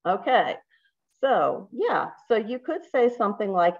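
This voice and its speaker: A woman's voice: mid-range voice, animated, a little slow, dull audio. A woman facilitating an online workshop, upbeat and chatty, asking the group questions. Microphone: video call.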